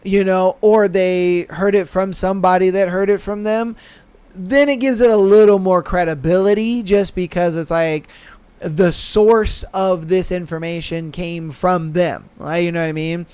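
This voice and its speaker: Young man, high smooth voice, slangy blunt podcast host, casual commentary, dry close mic. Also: unhurried, dry recording. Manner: animated, slangy and blunt, with frequent laughs and "you know what I mean".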